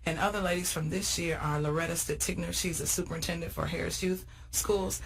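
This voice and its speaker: A woman's voice: on the low side, fairly even intonation, a little fast, gravelly, slight background noise, low-quality recording. Female guest, eager and promotional. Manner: enthusiastic, promotional, laughs easily. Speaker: guest, event organizer. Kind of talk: casual interview chat.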